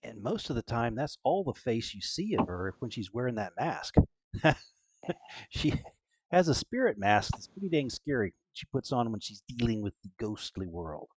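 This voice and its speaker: A man's voice: mid-range voice, very animated, normal speed, husky, no room sound. A man hosting a tabletop game stream as game master, rambling with many fillers. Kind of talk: casual stream introduction.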